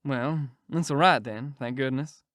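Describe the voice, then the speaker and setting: A man's voice: mid-range voice, measured pace, fairly bright tone, no room sound, clean studio sound, close to an everyday voice. A man voicing a scheming male con man posing as a duke, drawling and chuckling in a storybook reading. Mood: sly.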